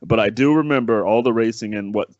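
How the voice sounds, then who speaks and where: A man's voice: lowish voice, brisk, darkish tone, no room sound. A man co-hosting a casual movie podcast, easygoing and laid-back, using casual slang. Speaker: podcast co-host. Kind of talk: casual movie-review chat. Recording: dull lo-fi dry sound.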